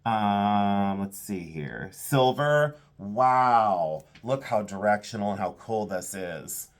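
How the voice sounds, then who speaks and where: A man's voice: fairly low pitch, lively intonation, slow. A man who sells vintage jewelry, giving casual, enthusiastic commentary as he sorts items and thinks aloud.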